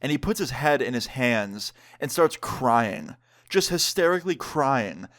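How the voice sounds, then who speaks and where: A man's voice: medium pitch, measured pace. A young man casually telling a story to camera, with lots of "like" and swearing. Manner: animated, profane, heavy use of "like". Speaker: vlogger.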